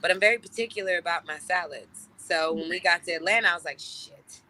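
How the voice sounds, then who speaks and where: Bright punchy woman in her 30s, swears a lot, acts out everybody's lines loud and high, casual chat. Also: quick pace. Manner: animated and profane, acts out quoted lines in loud high voices. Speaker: celebrity guest.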